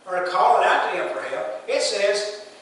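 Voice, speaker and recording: In a church sanctuary, a pastor with a high-pitched, fairly bright and animated voice preaches at normal speed, speaking plainly and posing questions to the congregation. It's an echoey hall recording captured from a distance.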